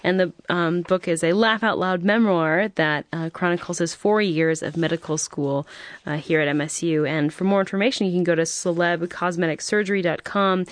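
Woman, radio host, lowish voice, dry close sound, friendly halting questions. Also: fairly even intonation, no echo. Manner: friendly, hesitant questions with fillers. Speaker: radio interviewer. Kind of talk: radio interview.

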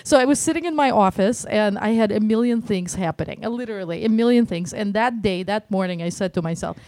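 A woman with a Russian accent blended with Detroit, a film producer telling stories in a podcast interview, animated and laughing often. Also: mid-range voice, quick pace, few pauses, no room sound.

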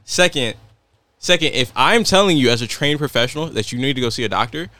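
A lively young man on a casual podcast. His voice jumps around in pitch as he tells a story, and it sounds bright and close to the mic in a dry room. He laughs often and acts out other people's lines. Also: fast, dry recording. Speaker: podcast co-host.

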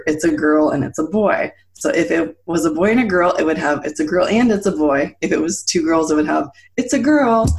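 Animated woman telling a story. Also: low-pitched, vocal fry. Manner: animated, laughs often, acts out quotes. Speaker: guest. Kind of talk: casual storytelling.

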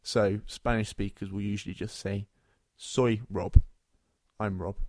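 A man co-hosting a language podcast, patiently explaining Spanish phrases and repeating them slowly. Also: on the low side, steady tone, dark tone, no echo, clean studio sound.

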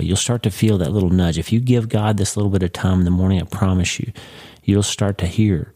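A man's voice: low voice, fairly even intonation, brisk, warm tone. A man hosting a podcast, giving an earnest, encouraging devotional talk and calling the listener friend. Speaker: podcast host.

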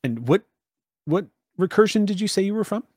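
A man's voice: high-pitched, expressive, fairly quick, a little mellow, husky, dry recording, clean studio sound, pitched above the performer's own voice. A man voicing a polite, stammering telepathic official at an estate. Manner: apologetic, stammering.

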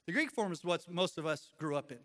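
Pastor, male, higher-pitched voice, casual sermon with jokes to the room. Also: lively intonation, brisk, a bit bright. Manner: conversational, jokes with the congregation. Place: church in front of a congregation.

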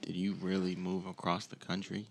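A man's voice: low-pitched, completely flat delivery, moderate pace, background noise. A man co-hosting a casual podcast, blunt and incredulous, swearing as he reacts. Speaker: podcast co-host.

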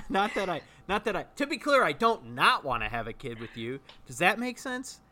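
Flustered improv person, bright voice, over-explains, faint hum in the background. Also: mid-range voice, sing-song, normal speed. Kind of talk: improvised comedy scene.

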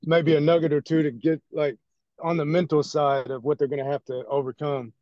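A man's voice: a little high, little pitch movement, a little fast, no room sound, dull audio. A man in a group call, joking and laid-back, asking a question.

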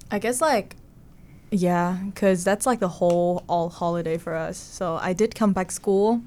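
A woman's voice: on the low side, a little slow, darkish tone, a little hiss or hum. Chatty young woman telling stories. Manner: chatty storyteller, many fillers. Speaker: podcast co-host. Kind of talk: casual chat.

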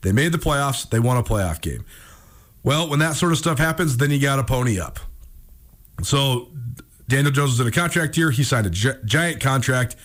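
A man hosting a sports radio show, telling a story in casual chat, animated and laughing often. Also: medium pitch, moderate pace.

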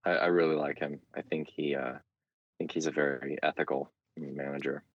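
Very deep-voiced man in dry sound. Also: a little fast, dry recording, highs cut off. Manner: relaxed, frank, many small hesitations. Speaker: interview guest, market commentator. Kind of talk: casual conversational interview.

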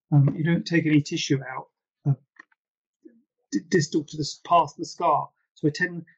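A man's voice: on the high side, creaky, breathy edge, muffled recording. A man, a plastic surgeon, answering viewer questions in a casual, rambling live Q&A with frequent asides. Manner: chatty, rambling, self-deprecating asides.

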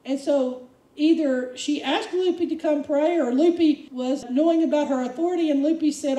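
A woman preaches from a distance, her high, mellow voice carried by a roomy echo. She tells stories and acts out quoted lines with energy. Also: normal speed. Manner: storytelling, animated quoting. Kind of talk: sermon. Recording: echoey room, from far off.

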